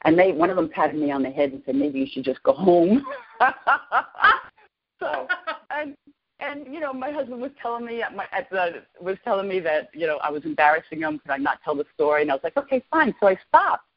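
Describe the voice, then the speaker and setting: A woman in her sixties, a podcast guest, excitedly and emotionally telling a personal story. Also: fairly low pitch, brisk. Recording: lo-fi podcast audio.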